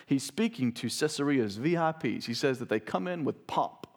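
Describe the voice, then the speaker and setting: A man's voice: expressive, moderate pace, few pauses. Man preaching a sermon. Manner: preaching, rises in pitch and volume when reading scripture aloud; talks straight to the congregation with asides like "listen". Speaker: pastor.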